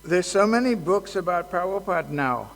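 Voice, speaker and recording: A man giving a casual devotional talk at a festival, halting and joking, with many fillers. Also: sits high, lively intonation, creaky, a bit bright. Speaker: speaker at a temple festival. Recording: long hall reverb.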